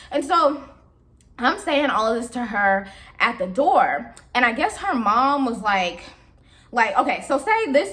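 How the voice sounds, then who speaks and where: A young woman vlogger with a high voice tells a story in easy, casual chat. Her pitch swings widely as she gets exasperated and laughs her way through the retelling. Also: a bit bright.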